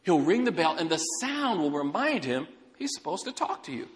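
A man voicing an eager, pushy pet store salesman with an upbeat sales pitch, during a sermon. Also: sing-song, moderate pace, long reverb tail. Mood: salesy.

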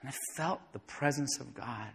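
A man preaching a sermon, telling a personal story and acting out the dialogue, dropping to a soft voice when moved. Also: mid-range voice, moderate pace, gravelly. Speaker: pastor. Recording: echoey hall with long reverb.

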